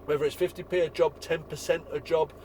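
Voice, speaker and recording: A man's voice: on the high side, little pitch movement, fairly quick, darkish tone, slight background noise, low-quality recording. A man, a window cleaner ranting bluntly and swearing as he talks to fellow tradesmen.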